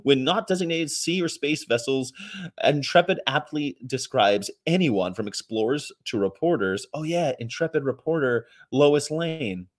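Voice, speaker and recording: A man's voice: on the high side, moderate pace. A middle-aged man chatting casually on a stream, sarcastic and rambling, laughing often. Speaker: livestream host. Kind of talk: casual chat reacting to comments.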